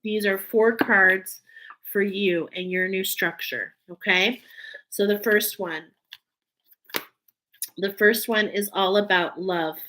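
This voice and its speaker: A woman's voice: medium pitch, fairly even intonation, takes it slowly, long pauses, bright, forceful tone, slight background noise, poor audio. A woman giving an emotional, earnest spiritual oracle card reading, teary at times.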